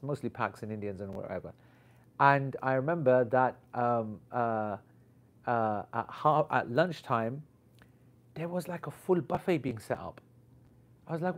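A man telling a rambling story in casual chat, lively and full of slang as he teaches and recalls his classes. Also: medium pitch. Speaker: Islamic teacher. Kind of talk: casual anecdote.

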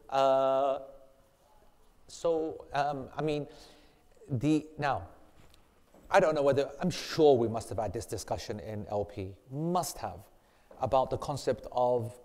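Here a man with a mid-range, slightly mellow voice leads a laid-back Islamic class, joking around and teasing students as he rambles on. The hall adds a long reverb to the recording.

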